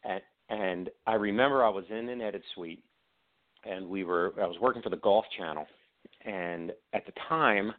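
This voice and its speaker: A man with a Baltimore accent, a guest on an interview show, telling animated stories and acting out the voices of people he quotes. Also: on the low side, moderate pace. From Baltimore area, Maryland. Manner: animated anecdotes, acts out quoted voices, frequent restarts. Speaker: guest, author and production company CEO. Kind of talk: casual interview storytelling. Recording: tinny phone-like audio.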